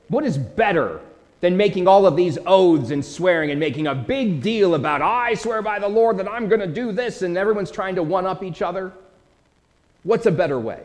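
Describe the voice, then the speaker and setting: A man's voice: on the high side, darkish tone. A man preaching a sermon, emphatic and direct, asking his listeners questions. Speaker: pastor.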